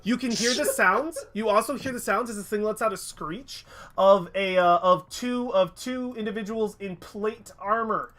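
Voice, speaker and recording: Game master, male, bright and a bit high, halting descriptive narration. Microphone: headset or desk mic on a stream.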